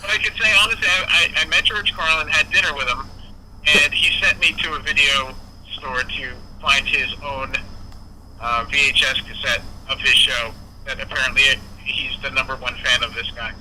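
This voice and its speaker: A man's voice: mid-range voice, moderate pace, slight background noise, poor audio. A man, a guest musician, telling a casual story and acting out the quoted dialogue. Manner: animated, acts out quoted dialogue.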